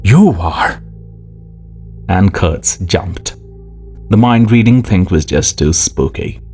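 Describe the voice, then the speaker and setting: A man narrating an audiobook in a measured, expressive way. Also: deep voice. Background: faint music.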